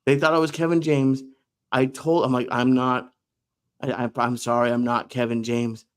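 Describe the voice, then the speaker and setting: A man in a casual podcast chat, telling animated, self-deprecating stories. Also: medium pitch, moderate pace, clear, resonant tone. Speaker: podcast co-host.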